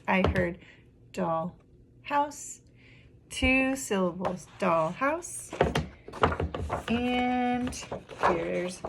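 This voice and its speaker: A young woman teaching young kids, speaking very slowly and stretching out each word in a sing-song classroom voice. Her pitch sits in a middle range, and clear background noise runs under the recording. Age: young adult. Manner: slow, sing-song, drawing out words syllable by syllable. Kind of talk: classroom phonics lesson for young children.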